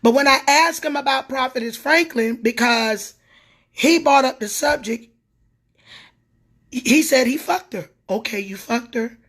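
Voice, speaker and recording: Bright high-voiced woman, profane and fiery. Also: a little slow, long pauses. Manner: profane, confrontational, preacher-like cadence. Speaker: prophetess. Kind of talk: livestream rant.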